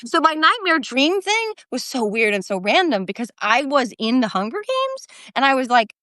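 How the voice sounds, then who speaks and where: Bright-voiced woman hosting a livestream. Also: sits high, no room sound, studio quality. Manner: animated storytelling, quick asides. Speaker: livestream host. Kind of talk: casual political chat.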